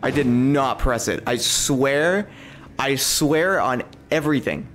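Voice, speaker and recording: A young man streaming gameplay, commenting live with lots of swearing and sudden high-pitched outbursts of frustration. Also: lively intonation, takes it slowly, a bit bright. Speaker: game streamer.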